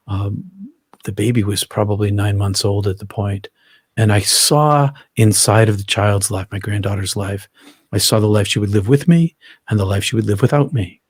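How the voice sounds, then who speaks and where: Middle-aged male guest, husky and lowish, earnest vivid storyteller who restarts his phrases. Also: dry recording, studio quality. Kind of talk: personal storytelling in an interview.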